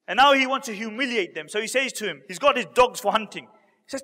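His voice sits high, pushed and bright, and he speaks animatedly at a quick pace. The man is an Islamic preacher giving a storytelling sermon to a live audience, performing his characters' words, with long hall reverb in the recording.

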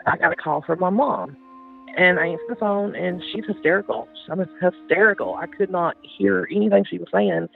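A woman's voice: on the low side, a little fast, vocal fry. A woman, the victim's older sister, emotionally recalling events in an interview and repeating phrases as she goes. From Georgia, US. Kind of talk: interview recollection. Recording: tinny phone-line interview with music behind.

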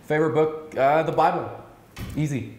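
A man in his thirties answering rapid-fire questions, upbeat and emphatic, with frequent filler sounds. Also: on the high side, steady tone, roomy sound, slight background noise. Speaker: real estate broker interviewee.

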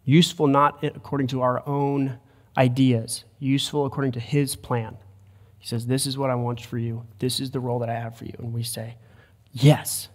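A man's voice: medium pitch, level tone, normal speed. A man preaching a sermon as a pastor, earnest and building to emphatic points. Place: church sanctuary. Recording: long church hall reverb.

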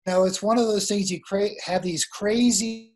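A man's voice: high-pitched, fairly even intonation, moderate pace, a little mellow. A man being interviewed as a guest author over a remote internet call. He tells a long story in a meandering way, often restarting his sentences. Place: remote location in the mountains.

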